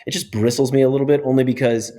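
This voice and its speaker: A man of middle pitch talks as a podcast guest, explaining breathing technique with real energy. He keeps things casual and often tags his points with a quick "right?" to check that the listener is with him. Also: level tone, warm tone.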